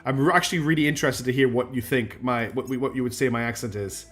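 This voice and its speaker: A man's voice: medium pitch, steady tone, fast, fairly bright tone, soft background music. A man streaming live, thinking aloud through his gameplay and chatting back to viewers. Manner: thinks aloud while playing and answers chat.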